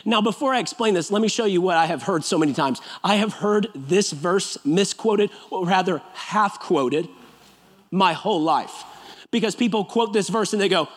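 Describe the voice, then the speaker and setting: A man preaches to his church in a high, bright-toned voice. He moves between emphatic declarations and casual, joking asides as he teaches. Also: moderate pace. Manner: emphatic, conversational preaching with humor. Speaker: pastor. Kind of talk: sermon. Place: church sanctuary.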